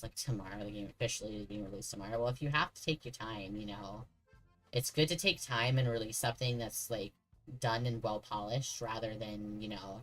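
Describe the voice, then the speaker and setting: A man's voice: fairly low pitch, a bit bright, poor audio. A man streaming a horror game, chatting casually and joking with the characters on screen. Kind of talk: casual gameplay commentary.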